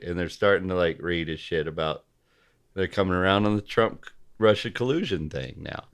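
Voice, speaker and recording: A man as a podcast guest in casual political chat, halting and often restarting his sentences. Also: low-pitched, smooth. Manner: halting, repeats and restarts, gropes for names.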